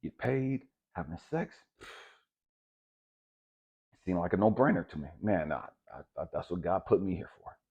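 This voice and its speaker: A man giving a raw, profane personal testimony, swinging between hushed and loud. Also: sits low, animated, normal speed, long pauses, husky, dull audio. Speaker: speaker sharing a personal testimony.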